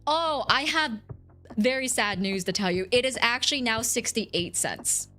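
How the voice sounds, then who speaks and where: A woman's voice: on the high side, measured pace, bright, forceful tone, faint music behind. A woman streamer chatting casually with her viewers, rambling and giggling as she answers chat.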